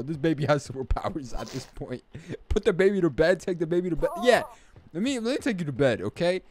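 A young man casually commenting while he plays a game, slangy and animated, breaking into loud excited outbursts. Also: on the high side, a little fast, dry recording. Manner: slangy, says bro and man. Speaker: gaming YouTuber. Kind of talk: casual let's-play commentary.

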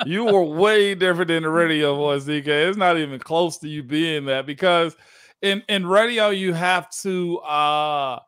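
A man, hosting a relaxed sports podcast. He laughs easily and keeps the talk loose and friendly. His voice sits high for a man. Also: a little slow, smooth. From United States. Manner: laughs often, easygoing. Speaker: podcast host. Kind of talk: casual sports chat.

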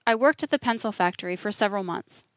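A woman reading an audiobook, voicing an elderly soft-spoken Southern man who is gentle and tired, in a subdued, quiet delivery with a Southern accent. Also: medium pitch, expressive, fast, dry recording, lightly acted. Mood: weary, earnest.

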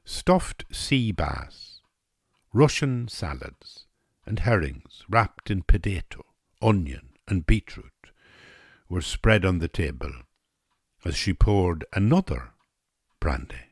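An Irish man narrating a wry story at an easy, slow pace. His voice sits very low but moves expressively, and the sound is close and dry. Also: big pitch swings, slightly rough, no echo. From Ireland.

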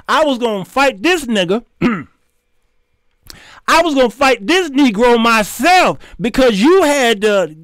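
A middle-aged man, hosting his show and telling a story in an animated, preachy way with sudden shouts. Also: very high voice, clear, resonant tone, no room sound, studio quality. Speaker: show host. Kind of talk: storytelling commentary.

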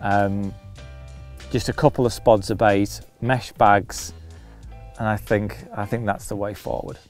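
A man's voice: fairly low pitch, little pitch movement, unhurried, darkish tone, soft background music. A man hosting a fishing vlog outdoors by a lake, chatting easily as he explains his tactics. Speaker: angler and show host. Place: outdoors at a lakeside swim.

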